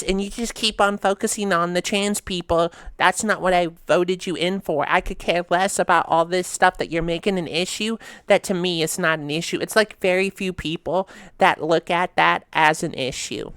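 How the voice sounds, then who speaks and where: A woman's voice: on the low side, steady tone, normal speed, clear, resonant tone, no room sound. A woman hosting a casual reaction video, reading meme captions aloud and chatting with sass. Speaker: host reacting to memes.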